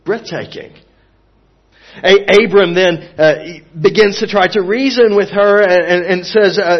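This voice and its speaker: Male preacher, earnest sermon delivery, emphatic to hushed, slightly high voice. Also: a little slow, dull audio.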